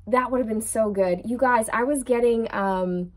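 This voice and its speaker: Young woman doing a chatty tarot reading, warm mellow voice, laughs a lot. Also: on the high side, normal speed, few pauses. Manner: chatty, laughs often, addresses viewer as girl. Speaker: tarot reader.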